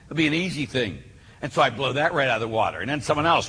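A man, a Catholic priest, preaching a sermon and telling stories with lively acted-out voices. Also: mid-range voice, very fast, slightly rough. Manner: animated storyteller who acts out voices. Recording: hall reverb, faint background noise.

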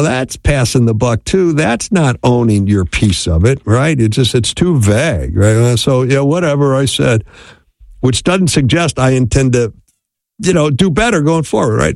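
A man giving a relaxed, conversational teaching talk on marriage, often checking in with "right?" and "okay?". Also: medium pitch, no room sound. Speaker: speaker on marriage.

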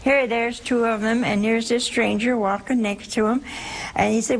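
A woman's voice: fairly high pitch, steady tone, moderate pace, creaky. A woman teaching a Catholic Bible lesson to a group in a conversational way, asking her listeners questions and acting out the quotes. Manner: conversational, asks the audience questions, acts out quotes. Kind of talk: lively scripture teaching to a group.

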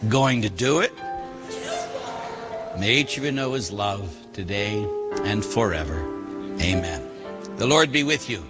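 A man, a priest, preaching a sermon with lively storytelling, acting out quoted voices and laughing at himself. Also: on the low side, normal speed, big-room sound, over music.

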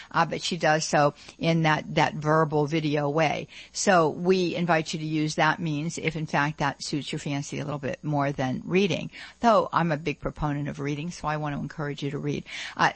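A woman's voice: low voice, fairly bright tone, no echo. Chatty lady hosting a radio show, lots of uhs, very dry studio mic. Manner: chatty, filler-heavy, enthusiastic. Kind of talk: radio talk show chat.

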